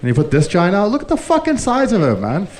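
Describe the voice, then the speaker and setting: A man's voice: sits high, huge pitch swings, quick pace, darkish tone, a little hiss or hum, voice pushed up. A man voicing a grumpy, overworked male tour horse that swears and complains about his job and the tourists. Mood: grumbling.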